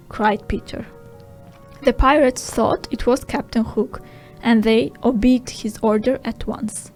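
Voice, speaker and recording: Woman, audiobook narrator, slow and clear, simple storybook reading, slightly high voice. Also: fairly even intonation, a little mellow, soft background music, rough recording. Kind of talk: scripted narration for language learners.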